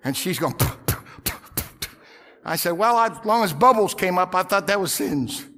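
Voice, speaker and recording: A middle-aged male pastor telling a story in a sermon, swinging from loud outbursts to hushed whispers. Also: high-pitched, animated, measured pace.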